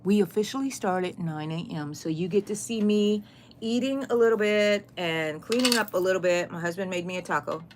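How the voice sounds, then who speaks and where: A middle-aged woman runs a crochet channel livestream from her craft room, speaking briskly in a medium-pitched voice. She chats casually and greets viewers by name, with slight hiss or hum in the recording.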